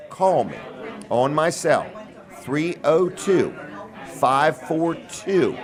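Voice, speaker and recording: A man hosting a local radio show, pitching sponsorships in a folksy, joking patter. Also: very animated, very slow, crowd noise. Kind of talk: casual radio talk and sales pitch.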